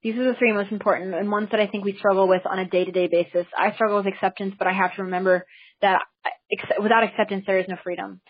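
Enthusiastic woman hosting a call, husky. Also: medium pitch, flat delivery, quick pace, highs cut off. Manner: enthusiastic, chatty, with restarts. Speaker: host of a teleseminar. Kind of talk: casual talk to listeners on a call.

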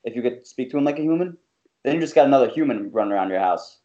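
A man's voice: mid-range voice, animated, racing, warm tone, muffled recording. A young man in a casual chat with friends, hesitant, with many fillers, saying "bro.".

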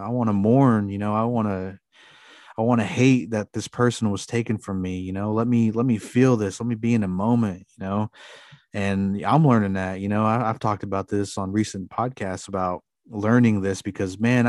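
A man's voice: fairly low pitch, steady tone, normal speed, a little mellow, dry recording, clean studio sound. A man co-hosting a podcast, talking earnestly and rambling with lots of fillers in casual chat. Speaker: podcast co-host.

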